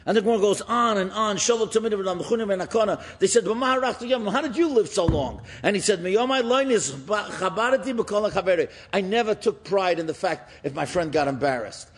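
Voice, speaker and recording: Husky animated rabbi telling stories. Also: male voice, fairly quick, hardly any pauses. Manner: animated storyteller, rising in pitch for emphasis. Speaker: rabbi and speaker. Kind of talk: storytelling sermon.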